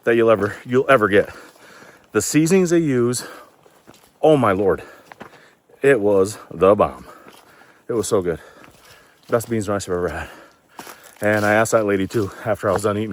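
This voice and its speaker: A man's voice: fairly low pitch, expressive, moderate pace, pauses often. A man telling casual, folksy stories while hiking outdoors, a little out of breath from climbing. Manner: chatty, loose and folksy, swears casually. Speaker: thru-hiker vlogger.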